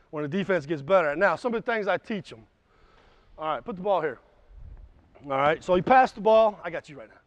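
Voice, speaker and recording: A man's voice: sits high, no room sound. A man coaching a basketball clinic, blunt and a bit profane, explaining drills and barking short commands at players in a gym. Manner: barks short commands, shouts during drills. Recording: dull, slightly lo-fi sound.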